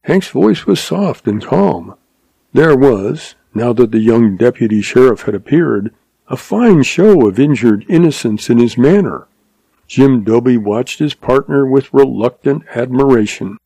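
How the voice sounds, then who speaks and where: A man reads a western story aloud in steady, measured narration. His voice is gravelly with a touch of fry, and the recording is dry and close. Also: medium pitch, dry recording. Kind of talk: audiobook story reading.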